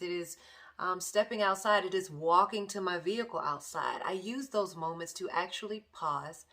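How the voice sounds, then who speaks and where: A woman coach giving a reflective self-care talk, slow and repetitive, sometimes dropping to a near whisper. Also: on the low side. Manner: slow, repeats phrases softly, drops to near whispers. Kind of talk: reflective motivational monologue.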